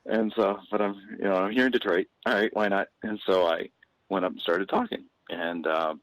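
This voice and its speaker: A man's voice: deep voice, fairly even intonation, normal speed, no echo, low-quality recording. A man, a comedian guest on a podcast, telling a casual anecdote with frequent restarts and fillers.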